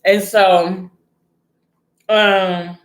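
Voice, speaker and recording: A woman talking casually and bluntly, swearing freely and slipping in slang as she recaps a story. Her voice sits in a middle pitch. It bounces around a reverberant room. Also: very slow. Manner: blunt, animated, frequent profanity and slang. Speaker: vlogger recapping a TV series. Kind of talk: casual chat retelling a story. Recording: echoey room.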